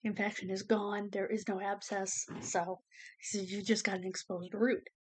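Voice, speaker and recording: Speaking at a normal speed in a level, mid-range voice, a female vlogger shares a casual personal update with the camera facing her. It's rambling and emotional, sometimes bordering on tears, packed with "you know" and "um."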